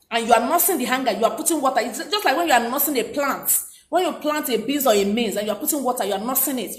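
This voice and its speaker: Woman, motivational speaker, emphatic and animated, high voice, echoey room. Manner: animated, emphatic, repeats key lines. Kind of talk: motivational talk to camera. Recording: roomy echo.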